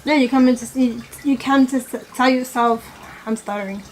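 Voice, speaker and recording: Rambling woman vlogger, slightly high voice. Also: steady tone, moderate pace, a little mellow, slight background noise, poor audio. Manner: rambling, with many "you know" fillers and self-corrections. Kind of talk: casual opinion chat while eating.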